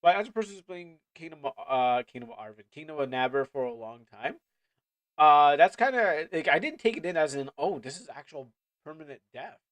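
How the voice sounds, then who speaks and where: A man's voice: on the high side, lively intonation, a little fast, a bit bright, no echo. A man streaming a game, rambling casually and often cracking up with laughter. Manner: rambling, keeps breaking into laughter. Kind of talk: casual livestream commentary.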